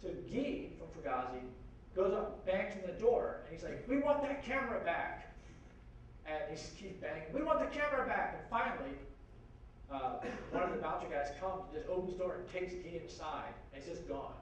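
High-voiced man telling a story in a hall. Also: fairly quick. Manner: lively, acts out quoted voices, frequent "like" and "you know". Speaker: guest speaker at a university forum. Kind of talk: animated anecdote storytelling. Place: university lecture hall. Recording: very echoey hall from far off, faint noise.

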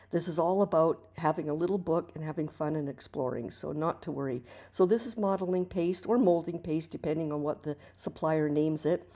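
A woman with a low, mellow voice talks through a painting lesson in an easy, chatty way. She encourages the viewer warmly and restarts her sentences as she goes. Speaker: art teacher. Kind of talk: relaxed tutorial narration over painting.

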